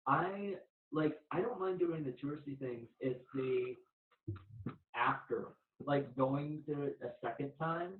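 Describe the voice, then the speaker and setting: A man's voice: a little high, slow pace, distant mic. A young man hosting a podcast in easygoing, casual talk, often breaking into laughter as he tells stories. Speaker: podcast host. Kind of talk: casual chat. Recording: tinny phone-like sound in an echoey room.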